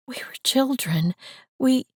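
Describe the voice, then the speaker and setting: A grieving young woman pleads in a higher, tearful voice, as a woman narrator puts her on. The storybook reading stays close and dry, with no room around it. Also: expressive, slow pace, darkish tone, husky, no echo, far from the mic, heavily acted. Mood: pleading.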